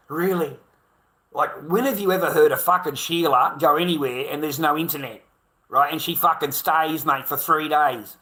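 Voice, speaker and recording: Forceful, blunt-spoken Australian man. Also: fairly high pitch, normal speed. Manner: blunt, heavily profane ranting; repetitive, rhetorical questions. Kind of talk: casual monologue to camera.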